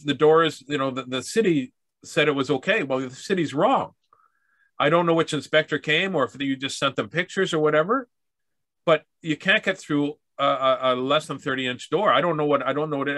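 Bright, dry-sounding Canadian man. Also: medium pitch, dry recording. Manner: rambling, with restarts and acted-out dialogue. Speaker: speaker telling stories about accessibility. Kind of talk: casual storytelling talk.

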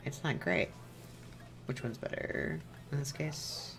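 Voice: mid-range voice, slow, vocal fry, a bit bright. A streamer giving casual, rambling commentary while playing a video game, muttering to themself, humming along and making self-deprecating jokes.

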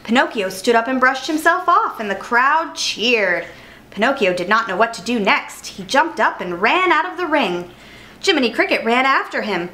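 A woman storyteller reading a children's picture book aloud in an expressive way. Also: on the high side, moderate pace. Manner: expressive, animated.

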